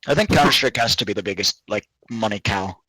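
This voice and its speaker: A man's voice: fairly low pitch, fast, bright, forceful tone, no echo, rough recording. A man chatting casually while gaming, joking with crude banter.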